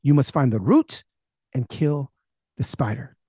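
Man playing wise elderly dad, slow fatherly delivery, a bit lower, dry sound. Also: dark tone, breathy edge, no room sound. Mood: earnest. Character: wise old immigrant father telling a story.

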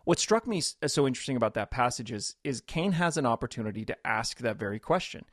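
A man's voice: mid-range voice, animated, quick pace, dry recording, studio quality. A man, a pastor and author, thoughtfully explaining scripture as a guest in a radio interview. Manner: reflective, explains scripture with quoted voices.

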